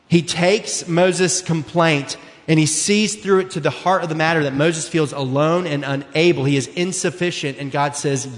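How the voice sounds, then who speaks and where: A man in his thirties preaching a sermon in a church, earnest and conversational, slowing down to stress key words. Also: a little high. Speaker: pastor. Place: church sanctuary. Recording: long hall reverb.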